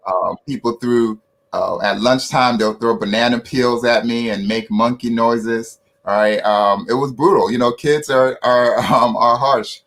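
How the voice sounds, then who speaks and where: A man's voice: mid-range voice, fairly even intonation, a little slow, a bit bright. Ghanaian man telling stories on a call. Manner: tag questions, laughs while telling. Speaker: panel guest. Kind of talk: storytelling in an online panel talk. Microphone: video call.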